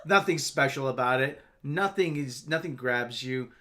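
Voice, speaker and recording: A woman's voice: rumbling low, normal speed, fairly bright tone. A woman chiming in during a casual livestream chat, agreeing with short replies and recalling details.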